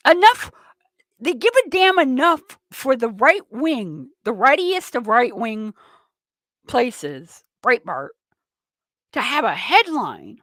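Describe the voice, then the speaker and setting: A woman's voice: a little high, big pitch swings, slow, fairly bright tone, dry recording. A woman hosting a political talk radio show, ranting with sarcastic indignation.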